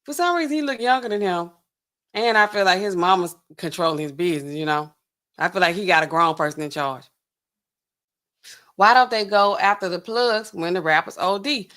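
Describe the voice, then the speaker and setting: A woman's voice: medium pitch, normal speed, a bit bright. A young woman hosting a casual reaction livestream, chatting straight to her viewers and laughing often. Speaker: pharmacist host.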